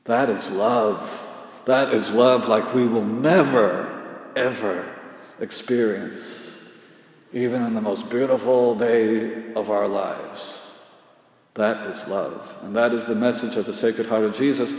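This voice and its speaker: A man preaching a sermon in a slow, repetitive cadence with dramatic pauses, often sinking to a hushed intensity. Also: on the low side, steady tone. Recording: echoey hall with long reverb.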